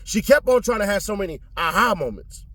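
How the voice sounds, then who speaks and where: Man, higher-pitched voice, casual commentary, slangy, profane, blunt, sudden emphatic pitch jumps. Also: sing-song, brisk, bright, forceful tone. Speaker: trial commentator.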